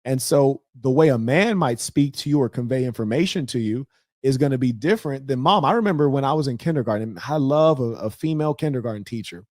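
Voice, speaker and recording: A man's voice: mid-range voice, lively intonation, fast, darkish tone, no echo, studio quality. A man hosting a casual livestream, talking loosely with slang and mocking asides. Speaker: livestream host.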